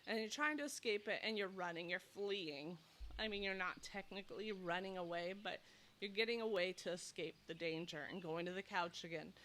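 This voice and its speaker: Speaking fairly quickly in a lowish but bright voice, a female nurse and sleep coach offers casual advice to the camera in humid outdoor heat. She's slightly out of breath and animatedly performs anxious inner thoughts, recorded on a loosening clip-on mic with slight background noise.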